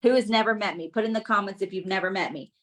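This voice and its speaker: Energetic woman coaching live on her phone. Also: medium pitch, fast. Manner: energetic, keeps checking in with the audience. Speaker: business coach. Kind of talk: live-streamed coaching talk to followers.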